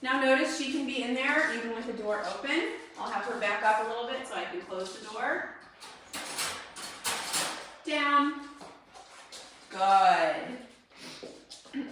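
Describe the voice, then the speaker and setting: A woman's voice: on the high side, slight background noise. Woman trainer in a very echoey room. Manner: explains calmly, then gives short crisp commands to a dog. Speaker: dog trainer. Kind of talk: instructional demonstration. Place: indoor dog training facility. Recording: very echoey room, voice far from mic.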